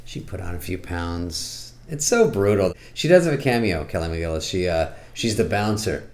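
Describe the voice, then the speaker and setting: Middle-aged male comic, deep voice, dry sarcastic delivery with sudden squeaky character bits. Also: moderate pace. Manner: deadpan, sarcastic, jumps into squeaky put-on voices. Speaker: comedian reviewing a movie. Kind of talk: casual comic monologue.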